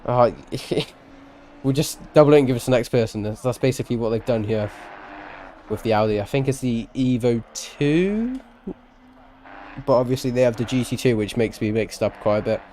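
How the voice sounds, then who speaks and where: A man's voice: medium pitch, normal speed, dark tone, slight background noise. A man giving live-streamed sim racing commentary, chatty and rambling, with self-deprecating asides and a tired edge.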